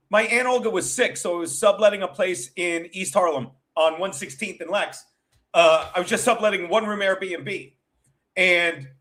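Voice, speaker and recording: A man's voice: sits high, fairly bright tone. A man hosting a show as a comedian, telling rambling stories in a casual, profane, chatty way. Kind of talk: casual rambling storytelling chat.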